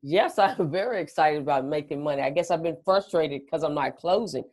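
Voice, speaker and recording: A woman's voice: sits low, a little fast, darkish tone. A woman on a coaching call, earnest and agreeable, often answering in short replies. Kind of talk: casual chat on a call.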